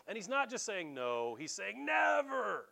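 A man's voice: sits high, moderate pace, vocal fry. A middle-aged man, preaching a folksy, joking sermon as pastor. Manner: folksy, animated preaching with jokes and asides.

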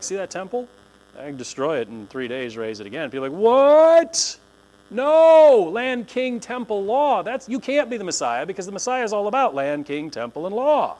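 A male pastor gives a chatty, animated sermon, slipping into quick voices for the people he describes, his pitch swooping and sitting a touch high for a man. The recording is rough, with a faint low mains hum underneath.

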